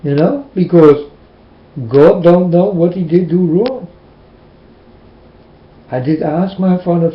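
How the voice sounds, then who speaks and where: A man from the Netherlands with a Dutch accent, preaching casually in an earnest, halting way and asking the same questions again and again. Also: high voice, echoey room, dull audio. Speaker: religious vlogger.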